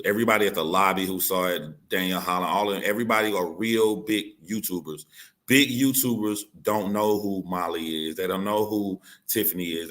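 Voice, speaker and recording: A man with a deep, low voice tells a heated story from his own life. He talks bluntly and swears freely, acting out what others said and pressing the same points again and again to make sure they land. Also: a bit bright. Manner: insistent, repeating key points. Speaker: YouTuber telling his side of a dispute.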